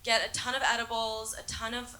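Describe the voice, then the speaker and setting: A young woman comedian chats casually onstage, rambling through fillers and giggling often. Her voice is bright and forceful, slightly high, and the echoey room around her is plain to hear. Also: completely flat delivery, a little fast. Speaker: stand-up comedian guest. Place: small comedy venue with live audience.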